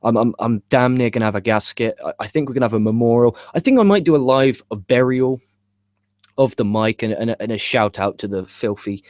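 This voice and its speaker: A man's voice: medium pitch, brisk, darkish tone, dry recording, clean studio sound. A young man hosting a live wrestling chat show, frustrated and swearing, rambling with repeated stammers into a cheap microphone. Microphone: cheap USB microphone.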